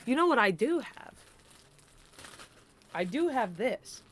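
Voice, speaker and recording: A young woman from New Jersey jokes her way through a casual chat. Her voice sits a little high, and she keeps poking fun at herself with playful asides. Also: very animated, slow. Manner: joking, self-deprecating, playful asides. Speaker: podcast co-host.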